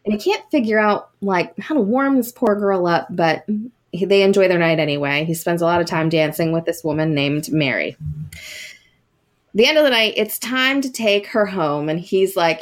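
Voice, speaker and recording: A woman's voice: medium pitch, expressive, normal speed. A woman hosting a podcast, telling a ghost story in a casual, chatty way with many fillers and asides. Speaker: podcast host.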